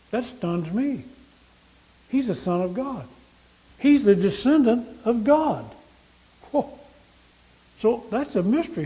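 High-voiced man preaching a sermon. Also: darkish tone, rough recording. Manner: casts listeners as characters and addresses them directly; asks many rhetorical questions.

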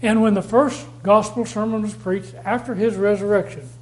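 A man preaching a sermon, reading scripture aloud and repeating key phrases slowly for stress. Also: sits high, steady tone, rough recording. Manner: reads scripture aloud with rising emphasis.

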